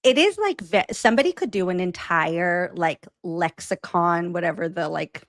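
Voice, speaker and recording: A woman's voice: fairly low pitch, lively intonation, moderate pace, no room sound. A woman from hosting a casual chat, talking in a loose, filler-heavy way and laughing easily. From Massachusetts. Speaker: host.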